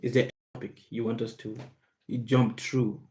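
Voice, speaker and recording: A man hosts a live question-and-answer stream in an unremarkable mid-range voice. He speaks slowly and with heavy emphasis, repeating key words so they sink in. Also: mid-range voice, level tone, warm tone, a little hiss or hum. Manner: slow, emphatic and repetitive, stressing words. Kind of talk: live Q&A monologue.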